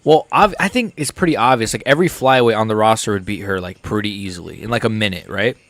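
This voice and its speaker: A man's voice: on the low side, quick pace, fairly bright tone, no echo. A young American man hosting a live stream, reacting to fights in a rambling, casual, jokey way.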